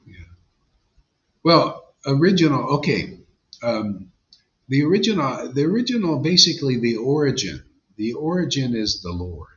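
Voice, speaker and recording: A man's voice: mid-range voice, sing-song, normal speed, fairly bright tone. A man, a spiritual teacher, giving an informal devotional sermon in a blunt, emphatic, conversational way. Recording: dull lo-fi sound.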